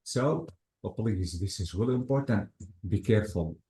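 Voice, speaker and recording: A man with a lowish, mellow voice explains grammar rules, working through examples methodically and repeating his cue words. The sound is roomy and echoey. He is a patient teacher leading a lesson. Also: animated, moderate pace. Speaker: English teacher. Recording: echoey room.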